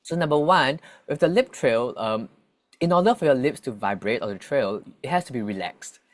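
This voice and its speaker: A man's voice: medium pitch, lively intonation, normal speed. A man working as a voice coach from Singapore, patiently explaining vocal exercises in an interview, restarting his phrases often.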